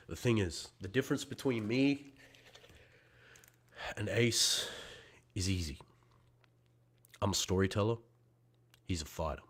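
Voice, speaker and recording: A man talking as a wrestler guest in fiery promo style, profane and intense, swinging between shouting and quiet, heartfelt passages. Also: on the low side, moderate pace.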